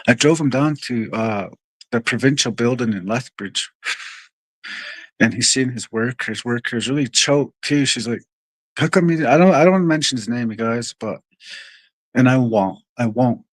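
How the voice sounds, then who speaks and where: A man's voice: mid-range voice, normal speed, dry recording. Profane rambling man, dry sound. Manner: rambling, profane, keeps saying "you guys". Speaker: livestream host. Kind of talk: casual storytelling to viewers.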